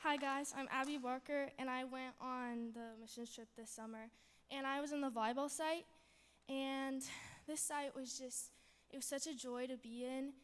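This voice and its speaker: A woman's voice: sits high, steady tone, normal speed, clear, resonant tone. Bubbly young woman in an echoing chapel. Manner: bubbly, rambling, many fillers. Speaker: student giving testimony. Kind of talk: chapel testimony. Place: chapel hall. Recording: long hall reverb.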